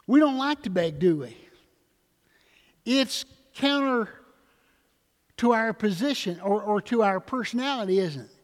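An older man preaching a sermon in a church, rising loud then dropping soft, with questions to the congregation. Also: sits high, animated, measured pace, pauses often, in a large hall. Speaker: pastor. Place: church sanctuary.

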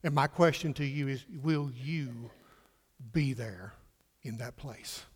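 A male pastor preaching a sermon emphatically, swinging from loud declarations to hushed questions and repeating words for stress. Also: mid-range voice, slow, husky. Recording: reverberant hall.

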